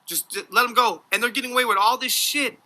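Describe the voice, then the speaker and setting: A man's voice: extremely high pitch, quick pace, sharp tone. A man in his forties from the United States telling a combative story in a profane, mocking rant. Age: 40s. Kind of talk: ranting storytelling.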